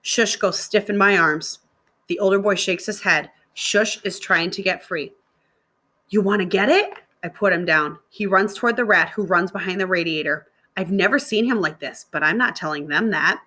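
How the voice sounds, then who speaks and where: Woman teacher, novel read-aloud for students, steady narration, bright tense voice. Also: fairly low pitch, moderate pace. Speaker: middle school teacher.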